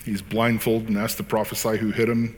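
A man's voice: on the low side, flat delivery, a little fast, long reverb tail, a little hiss or hum. A man reading scripture aloud, then preaching in an earnest, conversational way with casual fillers. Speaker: pastor.

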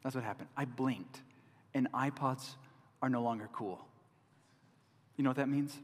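A man's voice: mid-range voice, moderate pace. A middle-aged man preaching a sermon as pastor, earnest and repeating key lines for emphasis. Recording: long reverb of a large hall.

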